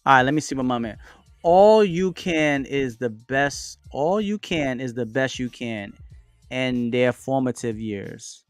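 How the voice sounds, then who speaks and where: A man's voice: mid-range voice, unhurried, smooth, no room sound. A man hosts a casual live stream, talking loosely and answering viewers' comments as they come in. His voice sounds dry and close, with faint music playing underneath. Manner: relaxed, chatty, with frequent fillers and shout-outs. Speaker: livestream host. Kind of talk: casual livestream chat.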